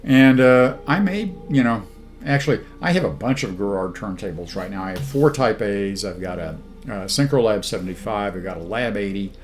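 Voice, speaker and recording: A man in his sixties from southeast Missouri, hosting a record review with dry sarcastic jokes and many halting filler sounds. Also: fairly low pitch, animated, faint music behind. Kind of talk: casual monologue to camera.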